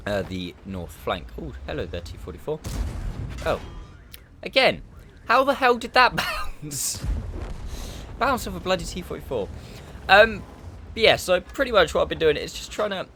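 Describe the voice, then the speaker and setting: A man's voice: mid-range voice, slight background noise. Laid-back man commenting gameplay. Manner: relaxed, rambling, frequent restarts and yawns. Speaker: gaming YouTuber.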